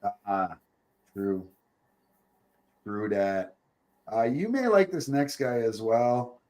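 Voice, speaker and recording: A man's voice: medium pitch, expressive, takes it slowly, darkish tone. A man hosting a podcast in casual chat, joking, rambling and laughing often. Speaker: podcast host.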